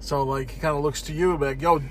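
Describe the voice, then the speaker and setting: A man's voice: fairly high pitch, steady tone, racing, slight background noise. A man in casual chat, joking in a laid-back way, recorded in a car. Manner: laid-back, joking, acts out the dog's thoughts. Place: inside a parked car.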